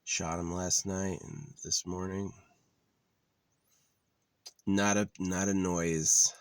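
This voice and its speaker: A man's voice: low-pitched, level tone, takes it slowly, dry recording. A man talking in a casual, rambling monologue, blunt and profane with a wry edge. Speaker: vlogger. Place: living out of his car.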